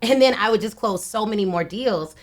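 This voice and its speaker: A woman's voice: mid-range voice, fairly quick. A woman in her thirties, a podcast guest, telling stories in a casual interview with lots of energy and frequent laughter. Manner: energetic storyteller, laughs often.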